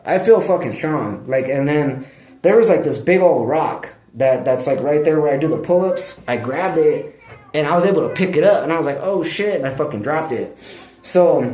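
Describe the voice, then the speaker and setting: A man's voice: a little high, a little mellow. A man vlogging in casual, rambling talk, laid-back and profane, laughing often. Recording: echoey room.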